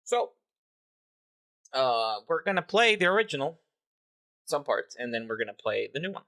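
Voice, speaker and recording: Playful gravelly man chatting on a stream. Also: mid-range voice, very animated, moderate pace, sharp tone, no echo. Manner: playful, laughing, swearing, tossing in joking meows. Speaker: music producer presenting a remix to a live chat. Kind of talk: casual livestream chat.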